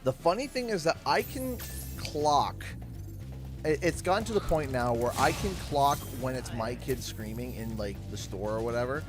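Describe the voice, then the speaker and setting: A Canadian man in his thirties chats casually on a livestream from his home office, telling rambling anecdotes and chuckling as game music plays behind him. He is a gaming streamer with a mid-range voice, lively intonation, and a moderate pace.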